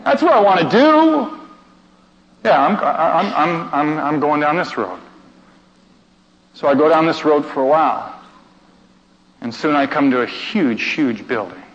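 A man preaching through a story, stammering and repeating himself, swinging between hushed and excited delivery. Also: fairly high pitch, measured pace, long pauses. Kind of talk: sermon storytelling. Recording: reverberant hall, dull muffled sound, faint noise.

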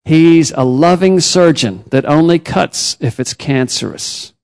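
Man, preacher, missionary, sermon, storytelling, pitch swinging up and down, fairly high voice. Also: unhurried, smooth. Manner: storytelling, with lively rises and drops in pitch.

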